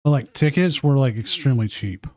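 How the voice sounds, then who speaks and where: A man's voice: medium pitch, animated, fairly quick, a little mellow, dry recording. A man chatting casually and rambling while streaming a card tournament. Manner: rambling, talks with mouth full at times.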